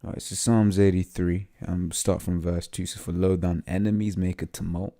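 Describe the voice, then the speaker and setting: A man with a low, gravelly, dark voice delivers an informal scripture teaching. He talks haltingly, leaning on fillers and tag questions, and stumbles when he reads text aloud. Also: level tone. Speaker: lay preacher.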